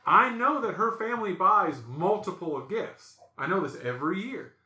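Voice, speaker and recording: A man hosting a podcast, telling stories in a casual, animated way and acting out the voices in them. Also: sits high, moderate pace, reverberant. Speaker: podcast host. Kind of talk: casual storytelling chat.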